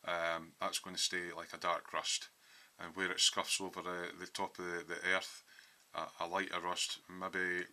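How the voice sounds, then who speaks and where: Man, very low voice, hesitant with many ums, casual workshop walkthrough. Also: monotone, a little slow, few pauses, sharp tone. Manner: hesitant, lots of ums, explains his thinking step by step. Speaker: hobby scale modeller. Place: home hobby workshop.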